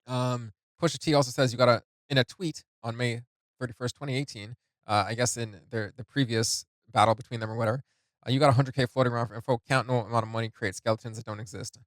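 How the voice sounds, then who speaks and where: A man hosting a music reaction video, reading lyrics and annotations aloud in a casual, halting way with many fillers. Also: mid-range voice, fairly even intonation, no echo.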